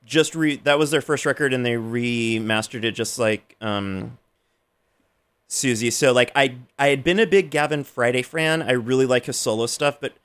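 A man co-hosts a radio show and talks about old records. He rambles in a relaxed way and fills his pauses with ums and likes. His voice sits at an ordinary, middle pitch. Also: clear, resonant tone. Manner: laid-back, rambling with many fillers. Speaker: radio co-host. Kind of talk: casual music chat.

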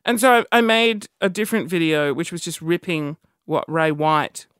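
A woman's voice: deep voice, normal speed, smooth, no room sound, studio quality. A young woman with an Australian accent, hosting a casual, rambling monologue and poking fun at herself. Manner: animated, rambling, self-mocking.

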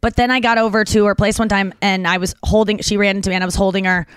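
A woman in her thirties co-hosting a podcast, telling animated stories in casual chat with lots of restarts and fillers. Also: mid-range voice, fast, clear, resonant tone, dry recording. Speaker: podcast co-host.

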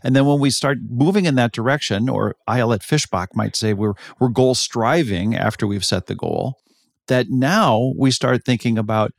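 A man's voice: medium pitch, moderate pace, creaky, no room sound, clean studio sound. A man co-hosting a podcast, explaining ideas thoughtfully in a casual chat, often restarting his phrases. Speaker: podcast co-host.

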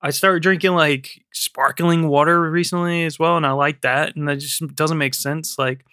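A man's voice: fairly high pitch, fairly even intonation, moderate pace, pushed and bright, clear, resonant tone, no room sound, clean studio sound. A man co-hosting a podcast, chatting casually and rambling, with lots of swearing and fillers. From United States. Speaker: podcast co-host. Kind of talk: casual chat. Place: UK-based podcast.

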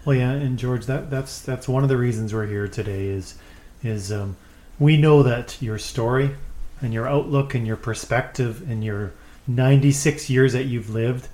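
A male host with a mid-pitched voice, speaking in a hesitant, affirming way, often doubling back on his words. His voice carries a roomy echo. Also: normal speed, mellow. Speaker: podcast host. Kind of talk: casual interview chat.

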